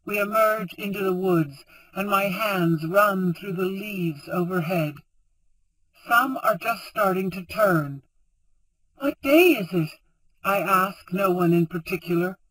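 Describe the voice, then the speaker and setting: Brief: male audiobook narrator, high light voice, steady first-person reading. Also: measured pace, poor audio.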